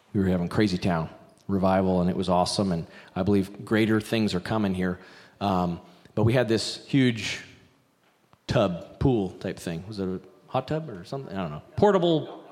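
A middle-aged man preaching a sermon, telling a story in an animated, rambling way with asides. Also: on the low side, in a large hall. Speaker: pastor. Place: church sanctuary.

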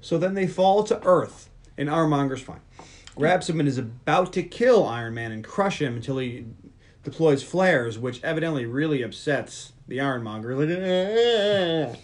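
A man hosting a podcast, recapping a film in casual chat with a profane, animated storytelling manner. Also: medium pitch, moderate pace. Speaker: podcast host.

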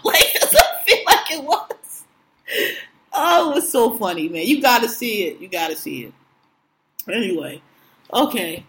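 A woman co-hosting a casual show chat, animated, slangy and profane, often breaking into laughs. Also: a little high, unhurried, long pauses, slight background noise. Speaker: podcast co-host. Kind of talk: casual chat recapping TV shows.

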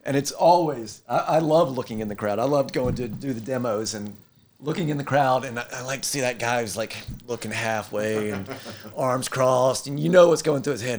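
A man's voice: mid-range voice, fairly quick. A man in casual conversation, telling stories and acting out the voices of the people in them. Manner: animated storyteller who acts out quoted voices. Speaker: inventor of a firefighter rescue board.

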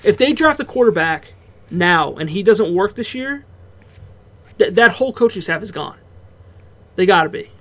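A man's voice: high voice, moderate pace, long pauses. A man co-hosting a casual sports podcast, talking loosely and swearing now and then. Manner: relaxed, swears freely, breaks off into laughs. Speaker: podcast co-host.

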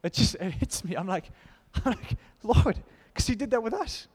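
Male preacher, emphatic and lively, slightly high pitch, recorded with long hall reverb. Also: normal speed, husky. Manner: animated, emphatic, laughs between points. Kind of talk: informal sermon with scripture reading.

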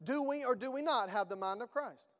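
A male pastor preaching a sermon, reading scripture aloud and swinging between emphatic bursts and quiet asides. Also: very high-pitched, fairly quick, big-room sound.

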